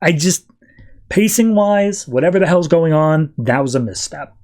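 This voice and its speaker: A man's voice: on the high side, animated, normal speed, darkish tone. Wry man hosting a comics podcast. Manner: wry and self-deprecating, loose recap talk. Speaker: podcast host. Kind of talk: casual comic book review.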